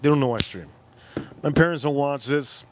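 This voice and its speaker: A man in his forties hosts a casual livestream, rambling through a story, repeating himself, and breaking into loud, high-pitched impressions. He speaks at a moderate pace over a noisy background.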